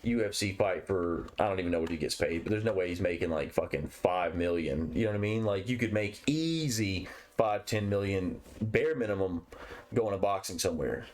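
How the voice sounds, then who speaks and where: A man's voice: low-pitched, fairly quick. Casual, profane male sports podcaster. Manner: loose, profane, animated when retelling stories. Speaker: podcast co-host.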